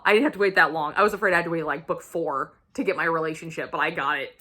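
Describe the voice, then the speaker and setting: A woman book vlogger giving a casual weekly reading update, excitable and gushing, swearing freely as she talks. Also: lowish voice, fast, hardly any pauses.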